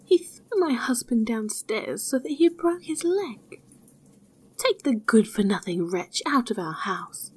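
Indignant fairy-tale wife, complaining and husky, slow as a woman reads her. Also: a little high, big pitch swings, voice pushed up, heavily acted. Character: anxious, indignant village wife.

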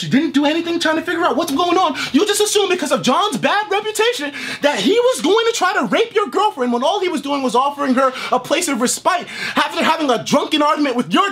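High-pitched man in a profane rant. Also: a bit bright, a little hiss or hum. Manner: heated, profane, reads messages aloud. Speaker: online streamer. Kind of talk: angry reaction rant.

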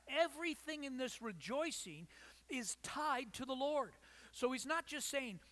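A man preaching a sermon as pastor, emphatic, asking the congregation rhetorical questions and pausing for effect. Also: extremely high pitch, animated, fairly bright tone. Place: church.

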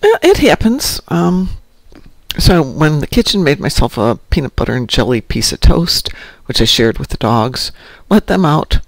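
A man's voice: on the high side, big pitch swings, moderate pace, dry recording. A middle-aged man hosting a casual morning show, rambling and poking fun at himself. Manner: rambling and self-mocking.

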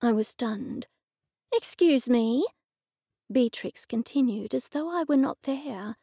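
A woman narrating a cozy mystery audiobook in the first person, in a wry, brisk storytelling manner. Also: a little high, gravelly, warm tone, slightly rough, no room sound, studio quality.

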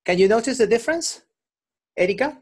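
A man's voice: very high-pitched, lively intonation, quick pace, darkish tone. A male English teacher running an online class over a video call, patiently explaining and repeating examples.

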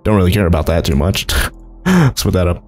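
Young male gaming host, husky low voice with wild pitch swings, chatty and rambling, faint music underneath. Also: very animated, brisk, a little mellow. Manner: rambling, chuckling, jumps between low mumbles and high exclaims. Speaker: gaming YouTuber. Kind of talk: Minecraft let's play commentary.

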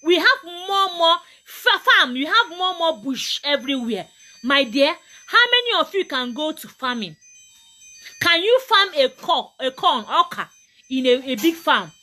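Emphatic high-voiced Nigerian woman. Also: very animated, unhurried, bright, forceful tone, soft background music. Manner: emphatic and preachy, repeats her points. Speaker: motivational vlogger. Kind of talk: motivational talk to camera.

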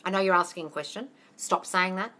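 Australian woman, bright voice, blunt and sweary live Q&A host who calls people darling. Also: fairly low pitch, a little fast. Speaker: manifesting coach hosting a live Q&A. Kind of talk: casual live Q&A.

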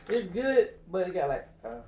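A young man chatting casually during a taste test, lively and quick. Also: high-pitched, far from the mic. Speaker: vlog participant. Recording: echoey room with faint noise.

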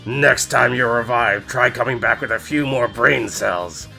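A man voicing a menacing male evil lord who talks slowly and mockingly. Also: medium pitch, creaky, sharp tone, soft background music. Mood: contemptuous. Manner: sneering, slow and mocking.

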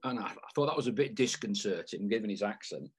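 A man's voice: on the low side, animated, quick pace, a little hiss or hum. A man hosting a podcast, asking rambling, chatty questions with lots of fillers. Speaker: podcast host. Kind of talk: casual interview.

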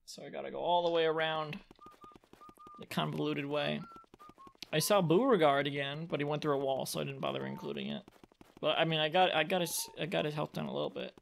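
A man hosting a let's play, commenting on the gameplay, yelling and cursing at the game, then muttering quietly. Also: a little high, fairly quick, creaky, slight background noise.

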